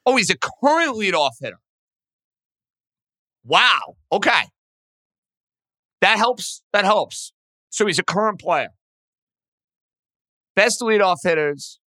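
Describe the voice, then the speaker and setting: A man hosting a sports radio show, casually thinking out loud as he works through baseball trivia. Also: sits high, a little slow, long pauses, no echo. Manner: animated, thinks out loud, self-deprecating.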